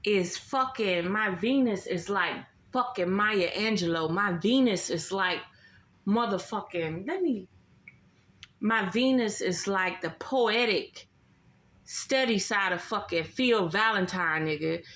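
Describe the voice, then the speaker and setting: With a mid-range, slightly bright voice and a slow pace, this woman delivers a profane astrology rant on her casual vlog. She's blunt and emphatic, curses nonstop, repeats herself, and the room echoes around her.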